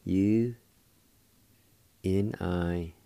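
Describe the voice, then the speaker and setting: A man's voice: low-pitched, fairly even intonation, drawn-out words, creaky, mellow, dry recording. A man hosting a radio language lesson who patiently spells each word letter by letter and repeats every pronunciation. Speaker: radio host teaching vocabulary.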